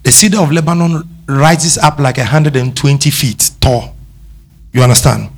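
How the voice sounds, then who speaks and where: Speaking at a normal speed and medium pitch, a man with a Ghanaian accent preaches a sermon. He is emphatic, fires questions back at the congregation, and switches between English and Twi.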